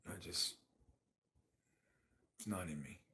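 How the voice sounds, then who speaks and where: A man's voice: deep voice, slow pace, pushed and bright, slightly rough. A man, chatting casually on a phone livestream from his apartment and thanking viewers by name. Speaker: livestream host.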